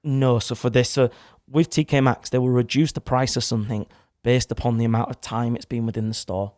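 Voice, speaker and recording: A man's voice: mid-range voice, little pitch movement, brisk, darkish tone, no room sound, studio quality. A young man, casually telling a rambling story in a podcast chat, with some swearing. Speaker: podcast guest. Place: studio. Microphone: studio microphone.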